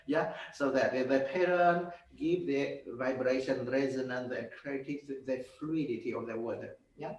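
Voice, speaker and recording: A man's voice: medium pitch, recorded from a distance, lo-fi sound. Man, piano teacher in a master class, hesitant delivery, sings phrases, heard from afar in a roomy hall with piano. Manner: halting, simple phrasing with many fillers, sings phrases.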